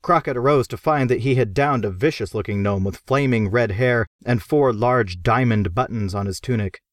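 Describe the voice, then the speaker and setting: A man reads an audiobook aloud with lively, expressive storytelling. His voice sits mid-range, and the recording is dry and close to the mic. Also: medium pitch, moderate pace, no room sound. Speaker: narrator. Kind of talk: audiobook narration.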